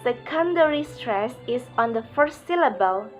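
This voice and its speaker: A woman's voice: on the high side, animated, moderate pace, soft background music, low-quality recording. A woman presenting a pronunciation lesson, reading it aloud carefully and moving on with "okay, next". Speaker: student presenter.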